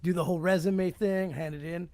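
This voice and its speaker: A man's voice: high voice, steady tone, a little fast, a little mellow, no room sound. A man hosting a podcast interview, chatting casually and telling stories with easy swearing. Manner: laid-back storyteller, swears freely. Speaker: podcast host.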